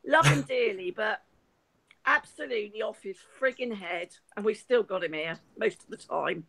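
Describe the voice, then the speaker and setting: Gravelly, well-spoken Englishwoman. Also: mid-range voice, moderate pace, a bit bright, low-quality recording. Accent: posh southern English. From Hampshire, England. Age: middle-aged. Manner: chatty, rambling, laughs often, swears freely. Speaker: guest. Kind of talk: casual live-chat conversation.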